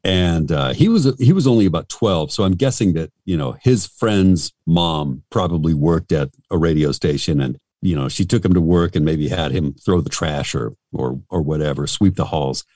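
Middle-aged radio guy, really low voice but bouncy, rambles and restarts a lot, dry close mic. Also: expressive, normal speed, few pauses, darkish tone, dry recording. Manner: rambling, chatty, self-deprecating with many restarts. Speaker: radio host and voice actor. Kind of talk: casual interview storytelling.

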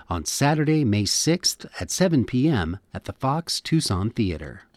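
A man's voice: medium pitch, a little mellow, dry recording, clean studio sound. A man hosting a public radio arts show, reading scripted introductions and credits in an upbeat, announcer-like way. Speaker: radio host and producer.

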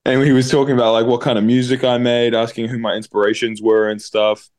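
A man's voice: mid-range voice, level tone, quick pace, a little mellow. A young man in his twenties with a New Zealand accent, a guest telling a story casually over a video call and peppering it with "like". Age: 20s. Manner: rambling, heavy use of "like". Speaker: guest musician.

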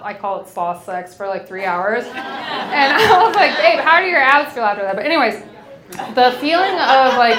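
Frank young woman, giggly, swears freely, fairly high voice, roomy echo. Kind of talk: candid casual chat.

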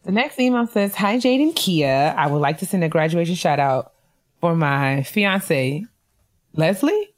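Low voiced woman cohost reading listener shout-outs, laughs easy. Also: expressive, a little slow. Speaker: podcast co-host. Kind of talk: casual chat, reading listener emails.

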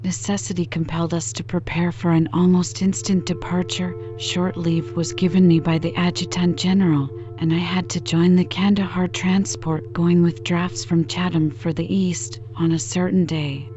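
Sleep-story reader: woman, low mellow voice, soft and calm, some whispering, muffled audio with faint music underneath. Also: moderate pace, few pauses. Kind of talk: slow bedtime story reading.

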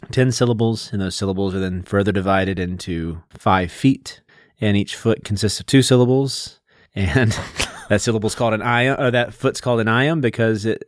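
A man with a low voice co-hosts a casual literary discussion podcast, explaining things at length in a lecturing way full of fillers. The recording is dry, with clean studio sound.

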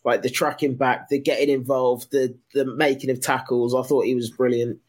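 A man's voice: medium pitch, little pitch movement, normal speed. Bloke on a football pod, keen but stumbly, restarts his sentences. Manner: hesitant, restarts phrases, enthusiastic. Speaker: podcast co-host. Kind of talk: casual football chat.

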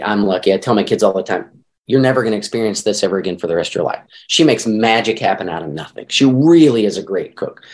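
A middle-aged man, a marriage counselor, explaining his ideas in an animated, conversational podcast interview. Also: lowish voice.

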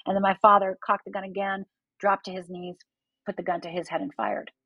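Husky-voiced woman telling her life story. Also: medium pitch, little pitch movement, a little fast, dry recording, lo-fi sound. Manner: earnest, vivid storytelling that speaks straight to the listener. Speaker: life coach guest. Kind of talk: personal storytelling in a podcast interview.

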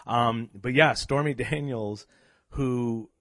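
A man telling stories in casual chat, animated and laughing, acting out the voices of people he quotes. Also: medium pitch, takes it slowly, no room sound, clean studio sound. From New England. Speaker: guest, event emcee. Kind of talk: casual storytelling.

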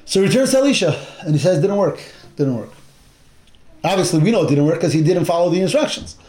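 A man with a high-set voice teaches a Torah class, bringing the Bible story to life. He acts out the characters' lines and drops in Hebrew terms as he goes. The room gives his voice a noticeable echo. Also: very fast. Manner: animated retelling with acted-out quotes and Hebrew terms. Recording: roomy echo.

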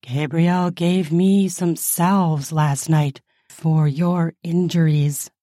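A woman voicing a gentle, soft-spoken male artist who talks quietly and calmly. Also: dry recording, studio quality. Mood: tender. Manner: quiet, slow, low and calm.

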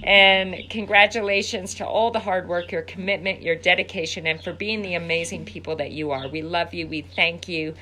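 A woman's voice: lowish voice, steady tone, moderate pace, few pauses, bright, forceful tone, a little hiss or hum. A woman co-hosting a casual live chat, upbeat and encouraging as she signs off to listeners. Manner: upbeat, encouraging sign-off talk. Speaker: podcast co-host and coach.

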